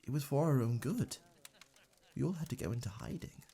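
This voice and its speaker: Casting: a man as a courteous male tavern keeper for ASMR role-play, warm mellow tone, lively pitch, soft halting politeness, faint music underneath. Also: vocal fry, slight background noise. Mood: reassuring.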